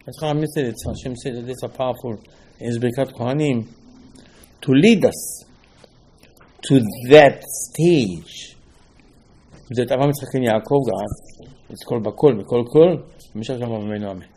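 A man giving a Torah class as a rabbi, in halting, with emphatic restarts. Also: mid-range voice, mellow, slight background noise. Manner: non-native English, halting restarts, rising emphasis.

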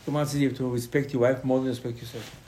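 A man teaching a Torah lesson in animated, loosely worded speech, acting out bits of the dialogue. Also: medium pitch, rapid-fire, a little hiss or hum. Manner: animated, acts out dialogue, ungrammatical phrasing.

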